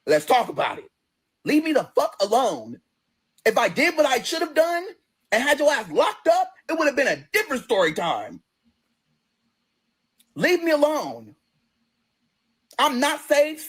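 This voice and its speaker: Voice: high-pitched, huge pitch swings, measured pace, long pauses. A person ranting on a livestream in a combative, profane, sassy way, straight into a phone.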